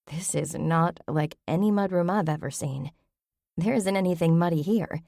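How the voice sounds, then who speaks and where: A woman's voice: fairly low pitch, normal speed, gravelly, darkish tone, no echo, studio quality. A woman voicing a curious, inquisitive young woman sleuth.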